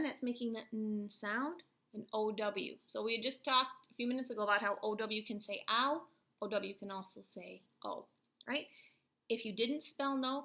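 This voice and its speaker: A woman's voice: on the high side, bright, forceful tone. A woman teacher giving a recorded phonics and spelling lesson, patiently spelling out letters and sounds. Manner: patient, slow letter-by-letter explaining.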